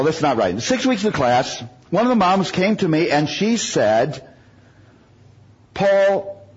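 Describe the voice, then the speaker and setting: A man's voice: on the high side, husky, muffled recording. A man from the United States preaching a sermon, telling humorous stories and making self-mocking jokes.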